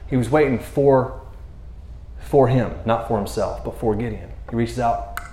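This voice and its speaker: A man giving a casual sermon in a roomy, echoing space. His voice sits at a middle pitch. He talks animatedly, acting out the people in the passage with sudden leaps in pitch and frequent laughter. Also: a little slow. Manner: animated, acts out characters with jumps in pitch, laughs often. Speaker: preacher.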